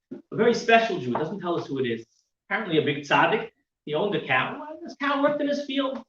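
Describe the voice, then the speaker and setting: Male class teacher, animated storyteller, lively pitch, dull distant room recording. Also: a little hiss or hum. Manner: animated storytelling with fillers and restarts. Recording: roomy, dull sound from a distant mic.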